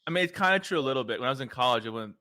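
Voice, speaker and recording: Male podcast host, casual and rambling, bright forward tone, dry close sound. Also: medium pitch, animated, rapid-fire, no echo. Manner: loose and chatty, many "like" fillers. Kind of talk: casual interview chat.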